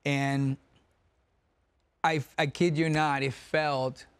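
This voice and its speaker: A man in his forties, a guest actor on a talk show, telling stories in a lively way with frequent laughs and restarts. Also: a little high, drawn-out words, smooth. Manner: animated storyteller, laughs often, restarts sentences. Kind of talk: casual talk-show interview.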